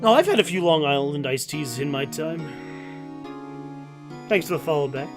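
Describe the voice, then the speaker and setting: With game music in the background, a man with a slightly high voice and lively intonation talks at a normal speed during a casual let's-play stream. He rambles as he chats with viewers, frequently repeating words.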